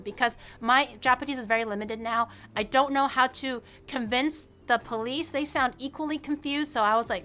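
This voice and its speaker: Young woman, high voice, streamer storytelling, animated, swears freely. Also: moderate pace, hardly any pauses. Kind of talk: casual storytelling.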